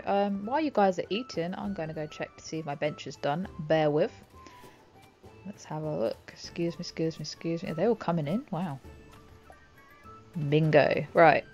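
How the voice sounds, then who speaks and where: A woman chatting casually over her gameplay, often giggling and talking to herself. Her voice is low and gravelly, with a creaky edge. Game music sits behind her on a dull, lo-fi recording. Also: moderate pace, darkish tone. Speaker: gaming channel host. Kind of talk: casual let's-play commentary.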